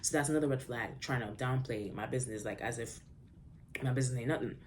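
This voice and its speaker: A young woman vlogger telling a story in a casual, sassy, animated way. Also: very deep voice, fast, noisy background.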